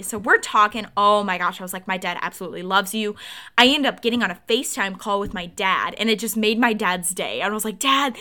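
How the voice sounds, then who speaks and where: A young woman in her twenties, co-hosting a podcast and telling a story in a casual, animated way with frequent laughs. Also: mid-range voice. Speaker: podcast co-host.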